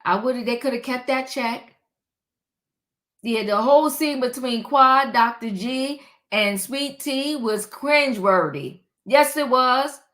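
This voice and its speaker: High-voiced, unhurried woman recapping TV. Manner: animated, acts out quotes with rising pitch. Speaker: reality show recap host. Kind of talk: casual commentary.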